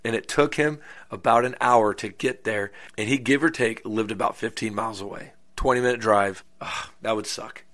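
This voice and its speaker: A man's voice: on the low side, normal speed, a bit bright. A man casually telling a true crime story, with goofy, crude joking asides. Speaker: podcast host.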